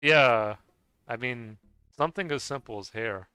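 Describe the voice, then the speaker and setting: Low-ish guy rambling casually while gaming, tons of restarts, bright dry close sound. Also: smooth, dry recording. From United States. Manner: rambling and halting, with many restarts and soft chuckles. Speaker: gaming streamer. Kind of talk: casual chat while playing a game.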